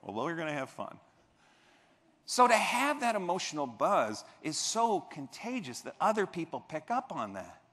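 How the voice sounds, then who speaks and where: A man's voice: a little high, normal speed. A man giving a motivational keynote on a convention stage, telling stories and acting out the people in them. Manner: animated, acts out quoted voices. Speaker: keynote speaker. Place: large convention hall stage. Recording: reverberant convention hall.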